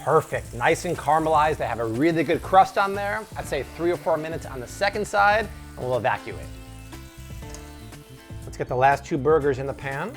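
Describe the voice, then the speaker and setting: In his home kitchen at the stove, a man hosts a cooking tutorial, talking to viewers with chatty enthusiasm. His voice is fairly high and expressive at a moderate pace, with soft music playing in the background.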